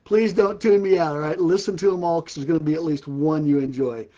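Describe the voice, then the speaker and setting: Speaking fairly quickly at a fairly high pitch, this older ministry host has a dark tone as he runs a casual live stream. He keeps telling puns and breaking into laughter at them, and his live-stream mic gives a lo-fi sound.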